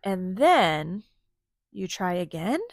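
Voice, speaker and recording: A woman's voice: lowish voice, sing-song, slow pace, no echo, clean studio sound, exaggerated voice. A woman voicing a young boy inventor in a storybook read-aloud, earnest and determined.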